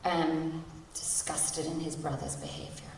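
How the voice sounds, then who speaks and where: Her voice is low, steady, and unhurried as this woman in her forties tells her story at a recovery meeting, candid and wry, laughing through painful memories. Background noise fills the distant, echoey recording from a large convention hall.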